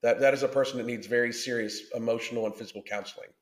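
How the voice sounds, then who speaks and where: A podcast host rants through blunt, combative reaction commentary packed with swearing, talking rapid-fire in a steady, medium-pitched voice. The recording has a roomy echo.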